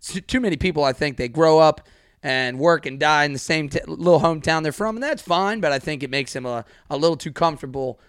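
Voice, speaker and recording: A man hosting a podcast in casual chat, energetic and talkative with frequent laughs. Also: a little high, fast, smooth, no echo, clean studio sound. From Mid-Atlantic United States. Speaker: podcast host.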